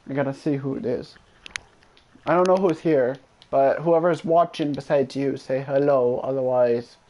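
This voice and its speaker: A man streaming a video game, chatting casually and trash-talking a friend with lots of swearing. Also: on the high side. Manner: profane, excitable trash-talk. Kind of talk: casual gameplay commentary.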